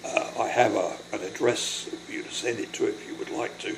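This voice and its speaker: An older man recording a personal video diary, speaking in a halting, apologetic, emotional way and short of breath from illness. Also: lowish voice, steady tone, gravelly, noisy background. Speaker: vlogger.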